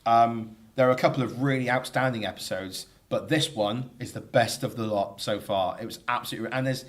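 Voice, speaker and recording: Man, mid-pitched voice, podcast co-host, measured relaxed commentary. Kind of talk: casual chat.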